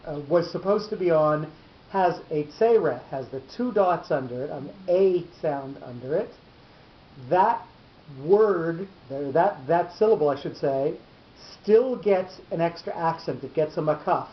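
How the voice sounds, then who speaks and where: A man's voice: a little high, expressive, measured pace. A man teaching a class on Torah cantillation, explaining patiently step by step and restarting his sentences often. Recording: echoey lo-fi room recording.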